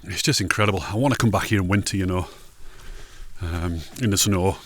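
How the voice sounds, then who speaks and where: Out on a mountain ridge, a man vlogs his hike in a chatty, jokey way, wandering into asides as he walks. His voice sits low and is fairly bright and brisk, with no echo.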